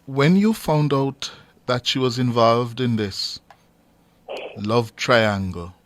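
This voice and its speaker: A woman interviewer with a very deep voice asks slow, probing questions. She talks unhurriedly, and the recording is dry and close. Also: no echo.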